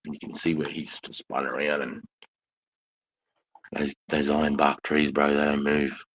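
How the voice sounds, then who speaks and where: A man's voice: a bass voice, monotone, normal speed, a bit bright, a little hiss or hum. An Australian man telling crude, slang-filled stories in casual chat. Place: bar.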